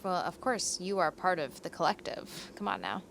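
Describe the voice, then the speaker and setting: A woman's voice: on the low side, big pitch swings, moderate pace, vocal fry, fairly bright tone, slight background noise. A woman co-hosting a podcast in casual chat, chatty, swearing freely and laughing often. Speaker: podcast co-host.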